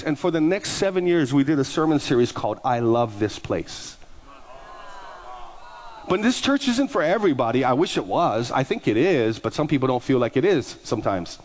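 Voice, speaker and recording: A man preaching as a pastor, telling stories with lively repetition and acting out the people in them. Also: on the high side, brisk, a little hiss or hum. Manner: animated, repeats words and acts out people. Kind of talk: storytelling sermon.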